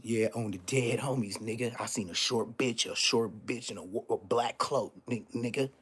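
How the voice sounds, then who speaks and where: A man's voice: medium pitch, moderate pace, a bit bright, slightly rough. A man telling a story on a casual live stream, profane and emphatic, repeating street oaths.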